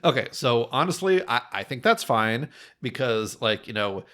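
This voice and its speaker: A man's voice: medium pitch, very animated, normal speed, a bit bright. A man co-hosting a film podcast, talking casually and rambling with many fillers and restarts. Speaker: podcast co-host.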